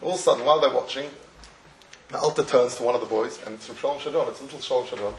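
Racing along at a medium pitch, this man teaches Torah through animated storytelling, full of restarts and chuckles. The mic is far from him, the room echoes, and a faint ambience lingers.

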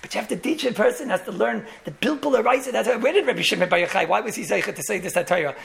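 Gravelly-voiced rabbi teaching a lecture. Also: male voice, sits high, animated, rapid-fire, a bit bright. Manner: storytelling with repeated words and chuckling asides. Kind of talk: Torah lecture in English laced with Yiddish and Hebrew terms.

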